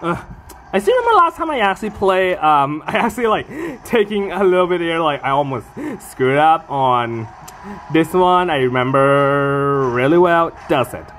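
An excitable gamer talks through their own match in casual let's-play commentary, jumping between short, broken phrases. The pitch leaps up and down a lot, and they swear and laugh easily. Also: moderate pace, slight background noise.

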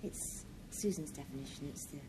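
A woman's voice: low-pitched, moderate pace, background noise. A woman on a game show panel, chatty and giggly, spinning a short made-up definition. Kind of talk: game show banter and storytelling.

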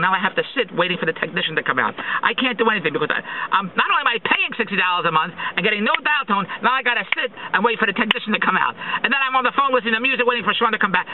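High, lively man ranting sarcastically. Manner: exasperated, sarcastic complaining. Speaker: vlogger. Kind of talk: ranting monologue. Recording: tinny phone-like recording, faint noise.

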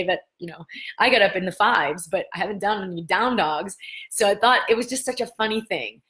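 A middle-aged woman hosting a casual live-stream talk, telling stories with lively gestures of voice and bursts of laughter. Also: medium pitch, fast talker. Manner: animated storytelling, breaks into laughter. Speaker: host.

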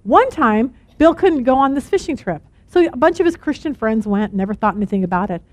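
Woman, Bible teacher, high voice, dry close sound, earnest, animated storytelling. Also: a little fast, no echo.

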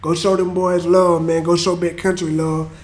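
Reacting casually to a freestyle, this reaction-video host hypes the rapper in relaxed slang and keeps saying "bro." He has a high-pitched, somewhat dark voice with little pitch movement, at a normal pace.

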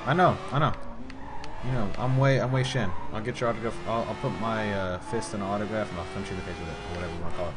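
A man streaming a video game, talking loudly and goofily as he plays, yelping and humming tunes. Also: on the low side, animated, quick pace, noisy background. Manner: loud, goofy, yelps and hums tunes. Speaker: gaming streamer. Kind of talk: excited let's-play commentary.

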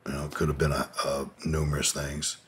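A man with a very low, heavily raspy voice, speaking as an interview guest. He tells his story candidly and casually, with frequent swearing and fillers. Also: completely flat delivery, brisk, fairly bright tone. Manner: candid, profane, many fillers.

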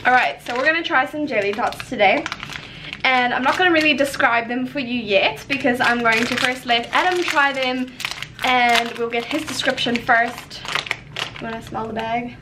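A woman's voice: on the high side, normal speed, background noise. A young woman with a South African accent, chatting casually and laughing often as a vlogger. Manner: giggly, upbeat, laughs often. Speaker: vlogger host. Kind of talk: casual chat. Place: home room lit by a ring light.

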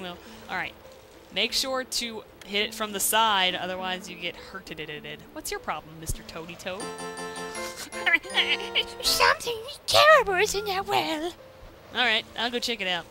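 A woman casually commenting on a video game as she plays, chatty and excitable, breaking into sudden loud exclamations and silly rhymes, on a home mic without a pop filter. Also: fairly low pitch. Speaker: let's play host. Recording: game music behind voice. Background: game music.

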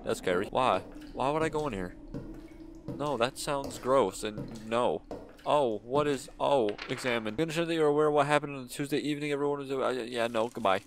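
A man's voice: medium pitch, fairly quick, a little hiss or hum. A young man, chatting nervously while he plays a horror game. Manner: chatty, nervous, talks to himself while playing. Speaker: gaming YouTuber. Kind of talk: casual horror game commentary. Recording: game music behind voice.

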